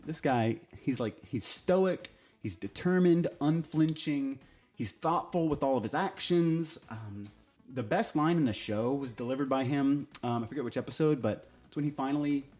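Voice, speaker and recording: A man's voice: medium pitch, normal speed, darkish tone, faint music behind. A man giving a casual, opinionated TV review, speaking bluntly and swearing freely. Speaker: TV show reviewer.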